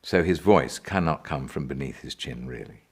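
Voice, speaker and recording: A man, an actor, explaining his character in a behind-the-scenes interview, in a deliberate, demonstrative way. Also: extremely low pitch, animated, breathy edge.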